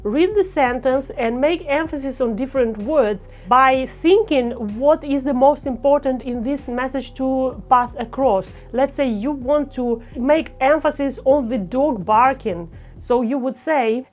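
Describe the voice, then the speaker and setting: A woman teaching a lesson on speaking naturally on camera, talking in a slow, deliberate, demonstrative way. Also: sits high, a little mellow, soft background music. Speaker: speaking coach.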